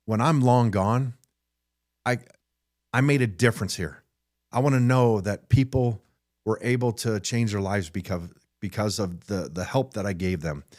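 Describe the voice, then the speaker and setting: A middle-aged podcast host gives an unscripted motivational monologue, blunt and frustrated, often repeating his opening words as he starts sentences. His voice is medium-pitched and a little mellow.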